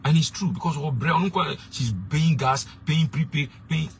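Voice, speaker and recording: A man's voice: on the high side, normal speed, a little hiss or hum. A young man, a street preacher giving blunt, emphatic advice and slipping into pidgin. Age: young adult.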